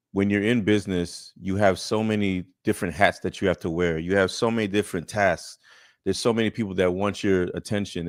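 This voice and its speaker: Man, very deep voice, dry close sound, earnest advice-giving. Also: no echo. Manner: earnest, explanatory, repeats points. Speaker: accountant and business coach reacting. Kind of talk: reaction commentary, advice.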